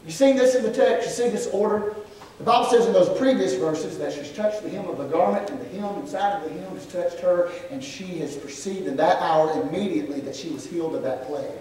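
A man preaching a sermon, building to emphatic shouts and dropping to quiet asides, with cries of "well, glory". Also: a little fast. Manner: emphatic preaching that swells into shouts, then drops low. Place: church sanctuary. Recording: echoey sanctuary, far from the mic, congregation audible. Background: congregation calling out amens.

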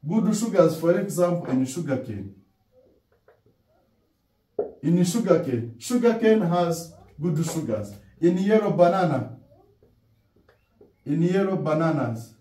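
A man's voice: a little high, mellow. A man with a Ugandan accent giving a dental lecture, who asks rhetorical questions and answers them himself and repeats key words. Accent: Ugandan English. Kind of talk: classroom lecture. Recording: roomy echo, distant from mic.

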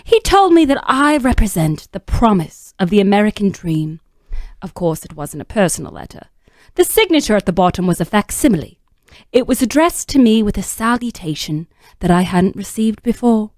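A woman's voice: mid-range voice, sing-song, normal speed, a little mellow, no room sound, studio quality, natural voice. A woman voicing a snooty British woman writer, reading her essay aloud in a put-on British accent with a prim, haughty manner. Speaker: radio co-host. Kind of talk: dramatic reading.

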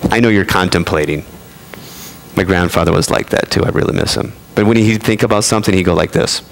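A man's voice: low voice, a little fast, gravelly, slight background noise. A man preaching a sermon in a conversational way, with playful asides to his congregation. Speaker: pastor.

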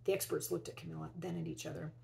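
A woman teacher reading a children's picture book aloud, expressively, and pausing to ask her young listeners questions. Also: deep voice, steady tone, vocal fry, darkish tone, slight background noise, low-quality recording. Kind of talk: children's read-aloud storytelling.

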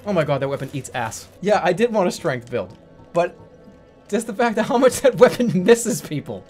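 A man commenting as he plays a video game, swearing, laughing and yelling in frustration. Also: sits high, sing-song, normal speed, faint music behind. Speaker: gaming streamer. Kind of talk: let's play commentary.

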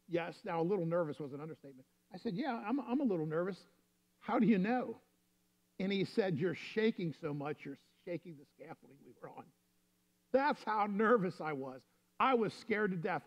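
Male pastor, fairly high voice, easygoing storytelling sermon, dull lo-fi recording. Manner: storytelling, conversational preaching.

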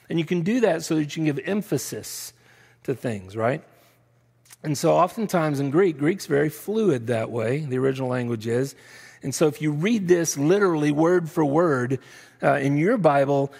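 A man's voice: on the high side, gravelly, darkish tone. A man with a Texan accent preaching a sermon as pastor, in a conversational style that often adds "right?", with playful asides. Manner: self-described nerdy, playful asides. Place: church sanctuary. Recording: church hall reverb.

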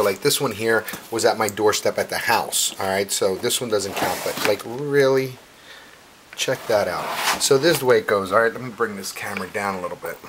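A man vlogging casually at home, telling a rambling, excitable story to his viewers with plenty of fillers and asides. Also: lowish voice. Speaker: unboxing vlogger. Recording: noisy home video recording.

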